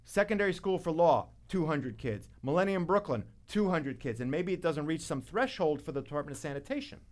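A man's voice: fairly high pitch, very animated, a little fast. A man hosting a talk show, wisecracking and rambling through jokes and restarts. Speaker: radio show host. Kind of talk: jokey talk-show banter.

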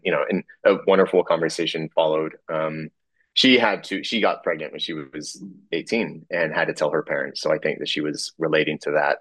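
A man telling a personal story in a halting way, full of fillers, restarts and small chuckles. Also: rumbling low, steady tone, a bit bright, breathy edge, no echo.

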